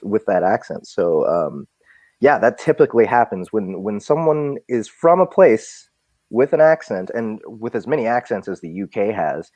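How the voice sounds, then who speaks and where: Low-voiced man chatting on a stream. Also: a little mellow, no echo. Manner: rambling, self-deprecating, many restarts. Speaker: audiobook narrator and guest. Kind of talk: casual live-stream chat.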